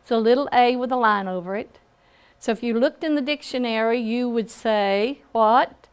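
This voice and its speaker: A woman with a Southern American accent and a smooth, somewhat high voice teaches a phonics class. It's a classroom lesson delivered slowly and patiently, with frequent "okay?" check-ins.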